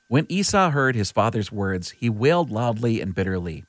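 Man, scripture reading, low pitch, lively melody, dry close recording. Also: no room sound. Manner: earnest, measured. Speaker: scripture reader.

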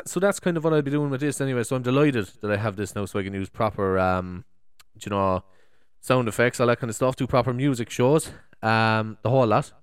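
A man's voice: mid-range voice, clean tone, no echo, clean studio sound. A young Irish man hosting his podcast, chatty and cheeky, with plenty of fillers. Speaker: podcast host. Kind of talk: casual podcast test.

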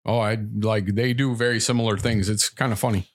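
A man from San Antonio co-hosting a casual chat, easygoing and quick to laugh. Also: fairly low pitch, steady tone. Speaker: podcast co-host.

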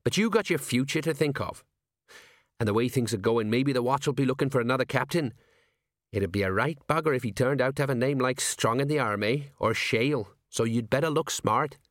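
A man's voice: medium pitch, a little fast, no room sound, studio quality, pitched above the performer's own voice, natural voice. Brief: male narrator doing a rambling older sergeant, folksy and set in his ways. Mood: grumbling. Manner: folksy, rambling, common speech.

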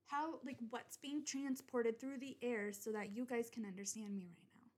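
Young woman, solo podcast host, rambling and swearing, restarts constantly, voice a touch high. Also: fairly even intonation, moderate pace, few pauses, a little mellow. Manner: rambling, swears often, many restarts and fillers. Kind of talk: casual solo podcast rant.

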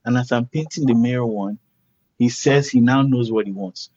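Husky man telling a lively story. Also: medium pitch, normal speed, no echo. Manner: animated, acts out quoted voices. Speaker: guest artist. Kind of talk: casual storytelling. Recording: dull lo-fi recording.

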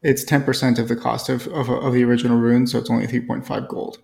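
A man's voice: mid-range voice, flat delivery, fast talker, vocal fry, a little mellow. A man playing a tabletop game, carefully checking the rules and asking if things make sense. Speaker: player. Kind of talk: casual tabletop game chat.

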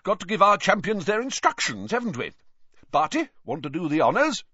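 Brief: man as a jolly eager official, swooping lively pitch. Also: a little fast, slightly rough, dry recording, exaggerated voice. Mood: jovial. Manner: bouncy, jovial. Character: hearty excitable male sports official. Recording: dull, slightly lo-fi.

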